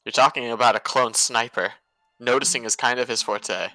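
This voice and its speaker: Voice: medium pitch, moderate pace, sharp tone, no echo, faint music behind, rough recording. A player in a tabletop game, making dry quips. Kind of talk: casual tabletop banter.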